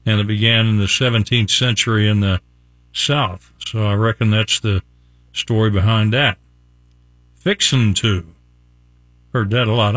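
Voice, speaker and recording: A man's voice: lowish voice, steady tone, unhurried, pauses often, a bit bright, dry recording. An older man from West Virginia hosting a casual morning radio show, folksy and chuckling as he reads out examples. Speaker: radio host. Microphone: studio microphone.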